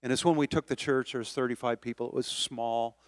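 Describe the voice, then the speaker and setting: A man preaching a sermon as pastor, moving from quiet storytelling to loud, rising exhortation. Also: mid-range voice, fairly even intonation, brisk, clear, resonant tone, no echo, studio quality. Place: church sanctuary.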